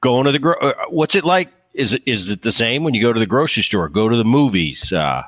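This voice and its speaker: A man's voice: medium pitch, animated, brisk, a bit bright, dry recording. A man from New Jersey hosting a casual podcast interview, chatty and eager with his questions. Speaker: podcast host.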